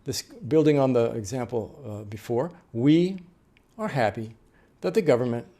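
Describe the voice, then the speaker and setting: A man's voice: medium pitch, moderate pace, mellow. A middle-aged man teaching a class as an interpreter trainer, explaining patiently with frequent fillers and restarts. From United States. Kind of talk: lecture on note-taking.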